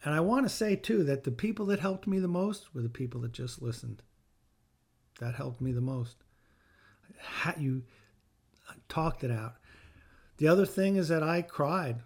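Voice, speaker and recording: A middle-aged man talks slowly and unhurriedly, his voice sitting at an ordinary, moderate pitch. He hosts a personal podcast in a sincere, heartfelt tone. He leans on repetition to drive his points home. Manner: earnest, heartfelt, with emphatic repetition. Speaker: podcast host. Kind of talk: personal reflective talk with faith teaching.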